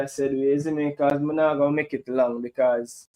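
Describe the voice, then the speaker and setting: A man's voice: mid-range voice, fairly even intonation, fairly quick, mellow, poor audio. A man with a Jamaican accent chatting casually on his live stream, often asking "you see me".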